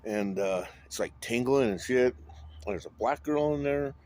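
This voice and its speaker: A man's voice: medium pitch, expressive, measured pace, a little mellow. A man talking in a rambling monologue, drifting between topics and swearing often. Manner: rambling, wandering, with frequent swearing.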